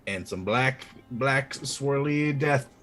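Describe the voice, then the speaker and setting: A man playing in a tabletop game, recounting things in a halting, hesitant way with restarts. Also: medium pitch, fairly bright tone. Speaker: player. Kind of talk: tabletop role-play.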